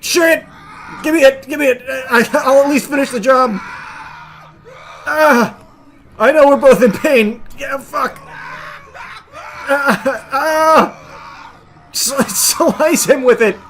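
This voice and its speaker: A man streaming a game, shouting, swearing and laughing in bursts between dry asides. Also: extremely high pitch, extremely slow, pauses often, a little hiss or hum. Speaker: gaming streamer. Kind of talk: live gameplay commentary.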